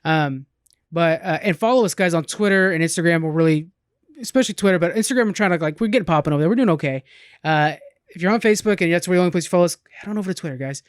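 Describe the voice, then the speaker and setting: A man hosting a podcast in casual chat, quick and chatty, often repeating words. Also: sits high, smooth, no room sound, studio quality. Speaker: podcast host. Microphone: podcast microphone.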